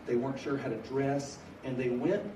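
A middle-aged man preaching a story with humor, animated, shifting from loud bursts to hushed earnest telling. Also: mid-range voice, moderate pace, muffled recording. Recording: echoey hall from far off, noisy.

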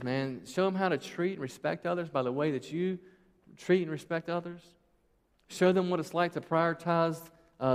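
Pastor, man, 30s, slightly raised pitch, chatty rhetorical sermon style, long hall reverb. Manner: conversational and emphatic, rhetorical questions.

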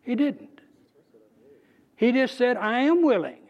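A man teaching from the Bible in a conversational, emphatic way, pausing and restarting as he goes. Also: very high-pitched, big pitch swings, lo-fi sound. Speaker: preacher.

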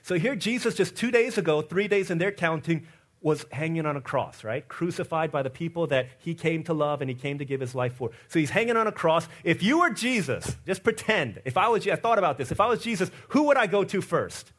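A man preaching an Easter sermon as pastor, telling stories and acting out the people in them, swinging between loud excited asides and quiet, low passages. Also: a little fast. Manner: acts out the people in his stories with lively quoted voices.

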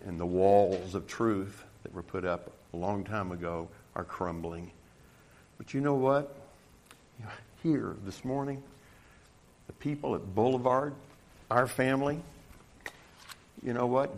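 A middle-aged man preaching a sermon to his congregation. He stumbles and restarts often, jokes at his own expense, and grows loud and emphatic when he reads from scripture. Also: lowish voice, a little hiss or hum. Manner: halting, stumbling restarts, self-deprecating humor. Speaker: pastor.

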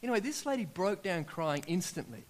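Animated Australian man preaching. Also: high-pitched, brisk. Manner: storytelling, acts out quotes, builds to loud excited peaks. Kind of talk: sermon with personal testimonies.

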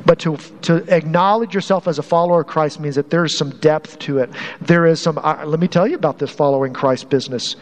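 A man's voice: fairly high pitch, brisk, in a large hall. A man preaching a sermon as pastor in a conversational way, often restarting and repeating phrases to drive a point home.

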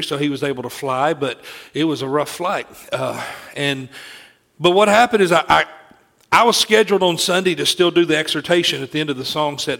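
A man's voice: on the high side, creaky, fairly bright tone. A middle-aged man preaching a sermon, telling a personal story in an earnest way and often restarting his sentences.

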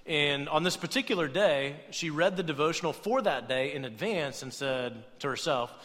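A young adult male pastor with a fairly high voice delivers a conversational sermon at a normal pace, his words echoing through a big room. He stays animated and keeps tagging his points with "right?" to check in with listeners.

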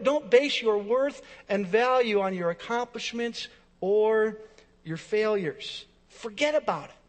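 High-voiced preacher in an echoing hall. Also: male voice. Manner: emphatic preaching with repeated phrases and swings in volume. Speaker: pastor. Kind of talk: sermon. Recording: long reverb of a large hall.

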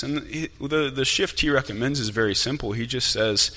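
A man preaching a sermon as pastor, talking in a conversational, animated way in a church sanctuary. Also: medium pitch, normal speed, few pauses. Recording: long hall reverb.

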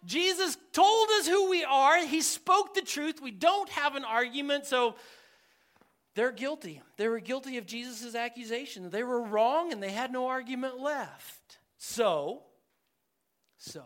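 A male pastor teaching verse by verse in a church sanctuary, his voice high and bright. He takes his time, leaning on words for emphasis and tossing in jokes to the congregation. The delivery swings from punchy to hushed asides. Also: a little slow. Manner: animated, joking, emphatic, talks to the congregation. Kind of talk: verse-by-verse sermon.

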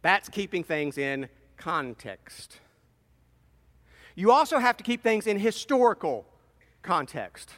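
A man's voice: sits high, sing-song, slow, pauses often, fairly bright tone. A man preaching a sermon as a pastor, talking in a wry, conversational way and leaning hard on words he wants to stress. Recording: long reverb in large hall.

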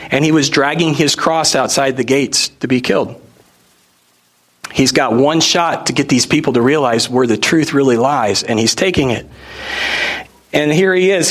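A man's voice: fairly high pitch, fairly bright tone. A man preaching a sermon in a conversational, storytelling way, asking rhetorical questions. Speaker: pastor.

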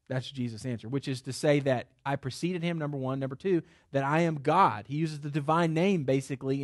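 A man's voice: fairly high pitch, no room sound, studio quality. A man teaching a small group about the Gospels in a loose, conversational way, with many fillers and restarts. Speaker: Bible teacher. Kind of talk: classroom Bible lesson. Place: room with a small group of listeners.

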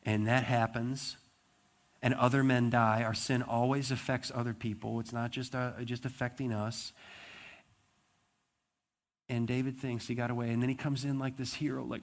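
A man preaching a sermon, retelling a story with animated, acted-out dialogue. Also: on the low side, normal speed. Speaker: pastor.

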